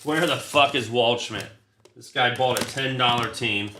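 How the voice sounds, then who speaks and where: A man's voice: mid-range voice, a little slow, noisy background. A man hosting a card break, chatting casually and swearing freely while he calls out the cards he pulls. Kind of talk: casual livestream chat while opening cards. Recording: roomy echo.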